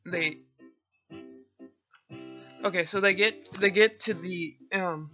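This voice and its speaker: Rambling male vlogger with a bright, sharp voice and a slow, unhurried delivery, on a dull lo-fi recording. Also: sits high, faint music behind. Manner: hesitant, rambling, self-deprecating, with many fillers and restarts. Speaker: video creator summarizing a book. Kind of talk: casual rambling summary.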